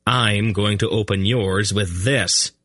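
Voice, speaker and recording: Young king, firm and earnest, deep low voice, read by a male narrator. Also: fairly even intonation, slow pace, fairly bright tone, no room sound, clean studio sound. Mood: firm, anxious. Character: young king, protective and impulsive. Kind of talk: audiobook character voice.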